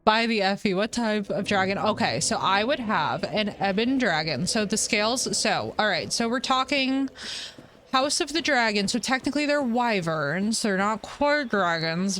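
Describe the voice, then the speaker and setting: A woman's voice: mid-range voice, normal speed, a bit bright, a little hiss or hum. Chatty playful woman streaming a game. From United States. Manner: playful, chatty, reads chat aloud, teasing jokes. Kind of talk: casual live gameplay chat.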